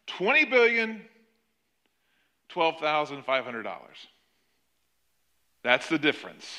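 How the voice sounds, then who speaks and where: A man preaching a sermon, retelling a parable with animated emphasis. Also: sits high. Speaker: pastor.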